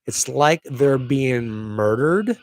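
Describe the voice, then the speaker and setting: A man's voice: medium pitch, expressive, takes it slowly, dry recording. A middle-aged man hosting his own podcast, chatty and upbeat with jokey asides. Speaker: podcast host. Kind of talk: casual solo podcast chat.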